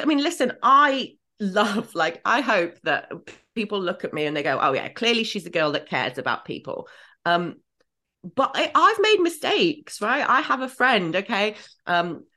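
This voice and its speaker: A woman in a casual conversation, telling personal stories in an animated way, swinging her pitch up and down. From Great Britain.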